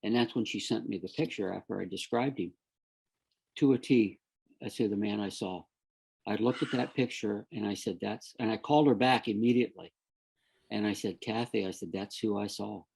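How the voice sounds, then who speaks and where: A middle-aged man with a gravelly, slightly husky voice tells his story in a relaxed, conversational way. He slips in and out of the voices of the people he quotes and keeps the telling lively. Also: lowish voice, normal speed. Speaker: guest sharing a near-death story.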